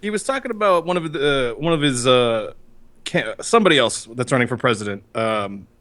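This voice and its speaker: Man, podcast co-host, animated swooping pitch, bright tone, rambling, profane. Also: brisk. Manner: rambling, profane, mimics people. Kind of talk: casual chat.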